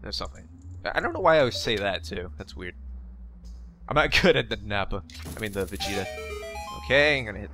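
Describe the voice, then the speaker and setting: Game music runs beneath a young let's play gamer speaking into a facecam desk mic, his lowish voice expressive, brisk, pushed and bright, with long pauses. He jokes casually, talks back to the game, and swears from time to time.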